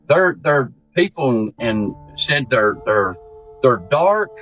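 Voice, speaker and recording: A man's voice: mid-range voice, takes it slowly, soft background music. Folksy man telling a story. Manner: folksy, animated, acts out quoted voices. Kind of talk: casual spoken storytelling.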